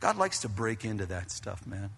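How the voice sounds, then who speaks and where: Male pastor, bright high voice, animated delivery swinging between shouts and hushes, recorded in a reverberant church hall. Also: normal speed, gravelly, breathy edge. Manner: animated preaching, acts out scenes, drops to hushed tones. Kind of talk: sermon.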